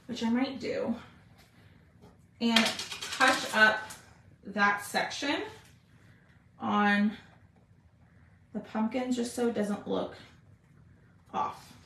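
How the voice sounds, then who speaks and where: Bright, chatty craft host. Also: female voice, a little high, echoey room, slight background noise. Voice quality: chatty, talks to viewers with "y'all". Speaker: craft live-stream host. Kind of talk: casual live craft demo.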